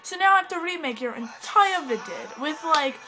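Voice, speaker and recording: A woman's voice: sits high, lively intonation, moderate pace, poor audio. A woman vlogging in a put-on, mixed British accent, rambling in a giggly, scattered, dramatic way. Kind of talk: rambling casual vlog. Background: faint music.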